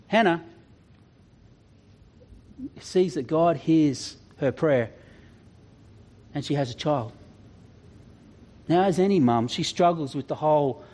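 Man preaching, pretty high voice, jokey storytelling sermon vibe. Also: darkish tone. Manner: chatty, humorous storytelling with asides. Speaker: youth pastor.

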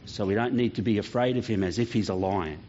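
Speaking quickly in a lowish, warm voice, a male children's pastor jokes around during a church children's talk and quizzes the kids as he goes. There's a little hiss or hum, and the church hall audio comes across dull and lo-fi.

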